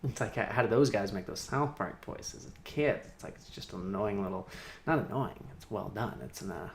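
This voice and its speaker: A man talking alone on a livestream, rambling and laughing to himself, swinging between loud outbursts and muttered asides. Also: lowish voice, moderate pace, slight background noise. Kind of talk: rambling solo livestream monologue. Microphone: streaming mic.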